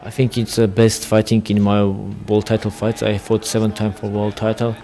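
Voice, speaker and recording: Flat-voiced Armenian-accented man. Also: fairly low pitch, moderate pace. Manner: broken English, blunt and confident. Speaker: boxer, interview guest. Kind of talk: casual interview.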